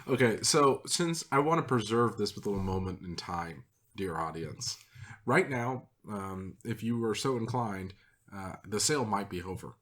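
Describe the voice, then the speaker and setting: A man with a somewhat low voice co-hosts a relaxed film-review podcast. He talks in an easygoing way and slips in deadpan, contrarian jokes to needle his co-host. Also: normal speed. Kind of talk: casual film-review chat.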